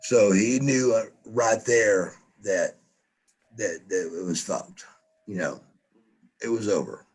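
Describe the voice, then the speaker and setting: A man's voice: on the low side, takes it slowly, pauses often, breathy edge. A man telling a story as a podcast guest, stammering, repeating himself and swearing often. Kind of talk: casual storytelling.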